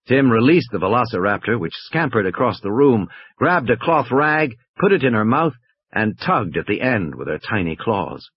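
A man narrating an audiobook in an expressive, varied reading. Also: mid-range voice, moderate pace, husky, no echo, lo-fi sound.

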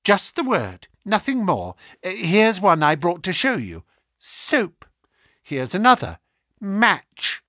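A man's voice: high-pitched, huge pitch swings, takes it slowly, bright, forceful tone, no echo, studio quality, voice pushed up, full character voice. A man voicing a respectful, worried middle-aged landlady who answers in a deferential, plain-spoken way, in an audiobook reading.

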